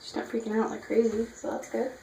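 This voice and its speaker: A woman soothing her pet rabbit in a soft, gentle voice as she bathes it in a tub. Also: on the high side, completely flat delivery, fast talker, gravelly, slight background noise. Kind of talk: casual vlog chat. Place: bathroom at a bathtub. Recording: echoey bathroom with loud running water.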